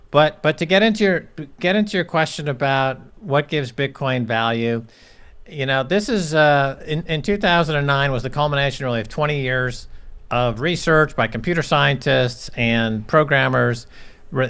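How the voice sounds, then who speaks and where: A man's voice: mid-range voice, fairly bright tone, smooth. A man who is a guest on an interview show, explaining things in a lecturing way. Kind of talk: casual interview talk.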